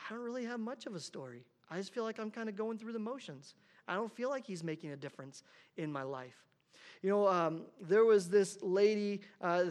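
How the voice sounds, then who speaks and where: A man with a high voice preaching to his church. He talks casually and restarts his phrases with repeated words, like a pastor chatting from the pulpit. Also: a little mellow. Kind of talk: sermon.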